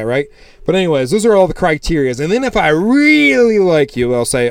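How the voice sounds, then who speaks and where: Animated swearing man telling stories on a podcast. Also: a little high, a little fast, clear, resonant tone, no echo. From United States. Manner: animated storyteller, swears freely, acts out customers. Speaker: podcast co-host. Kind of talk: casual chat.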